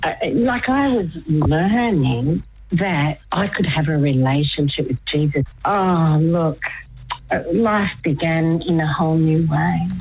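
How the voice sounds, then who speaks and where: Low-voiced woman storyteller on a dull line. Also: takes it slowly, slightly rough. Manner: chatty storyteller, laughs often, drops to a hushed whisper. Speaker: guest. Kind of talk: radio phone-in chat about faith.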